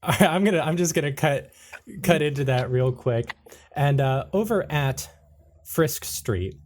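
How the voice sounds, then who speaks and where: A man's voice: a little high, animated, a little slow, a little hiss or hum. A man narrating as game master, hesitant and full of fillers. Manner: hesitant, filler-heavy, laughing.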